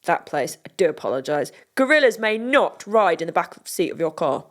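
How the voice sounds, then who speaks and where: A woman's voice: fairly low pitch, sing-song, normal speed. A British woman co-hosting a podcast, reading out items in a casual, joking chat. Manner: chatty, reads out items and jokes along. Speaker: podcast co-host.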